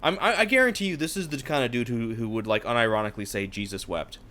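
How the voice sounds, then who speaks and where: A man co-hosting a casual book discussion, his voice sitting at an ordinary middle pitch. He riffs irreverently on the characters and drops into quick mocking impressions. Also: big pitch swings, sharp tone. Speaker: podcast co-host.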